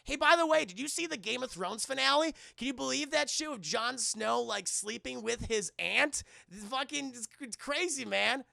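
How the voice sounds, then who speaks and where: A man's voice: high-pitched, a little fast, creaky, pushed and bright, no room sound, studio quality, full character voice. A man voicing a chatty, wisecracking male agent who rambles and jokes over the phone. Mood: joking. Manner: rambling, jokey, tangents.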